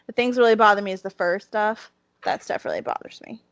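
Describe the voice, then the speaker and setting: A woman's voice: medium pitch, a little fast, a bit bright, no room sound. A woman with a Southern US accent co-hosting a podcast, chatting casually with lots of restarts. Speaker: podcast co-host. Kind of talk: casual chat.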